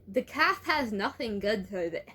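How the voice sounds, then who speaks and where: A woman voicing a teenage goth girl who speaks with her lips pressed tight against her teeth, in a breathy voice. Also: a little high, lively intonation, slow pace, darkish tone, voice pushed up, heavily acted. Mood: complaining. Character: teen girl, goth vegan, talks through clenched teeth.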